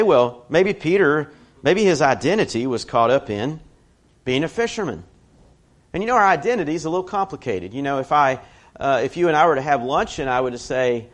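A man preaching a sermon in a conversational way, telling stories with personal asides. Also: medium pitch.

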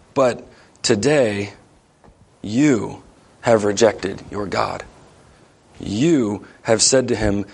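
Guy pastor preaching in church, earnest and emphatic, medium voice. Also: mid-range voice. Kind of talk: sermon. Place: church sanctuary with congregation.

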